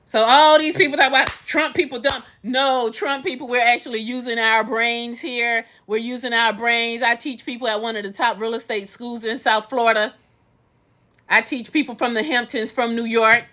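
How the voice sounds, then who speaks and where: A woman rants casually to her live viewers through a phone. Her voice sits high and sounds bright and forceful. She leans on emphatic, sing-song repetitions to drive each point home. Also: little pitch movement, moderate pace. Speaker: livestreamer and real estate instructor. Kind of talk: casual livestream rant.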